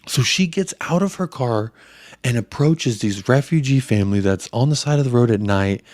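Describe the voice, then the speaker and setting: A man's voice: medium pitch, expressive, moderate pace, darkish tone, no echo, clean studio sound. A young man hosting a podcast, telling stories in crude, profanity-heavy casual chat. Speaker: podcast host.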